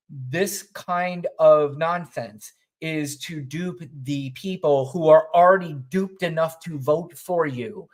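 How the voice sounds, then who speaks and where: A man co-hosting a podcast, giving casual political commentary in a rambling, wry and profane way. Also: sits high. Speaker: podcast co-host.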